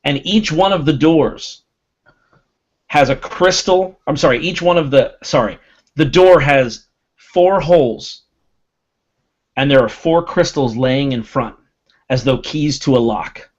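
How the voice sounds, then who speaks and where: A man's voice: on the high side, dull audio. A man running a tabletop game as game master, describing scenes and correcting himself as he goes. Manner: descriptive narration with quick self-corrections.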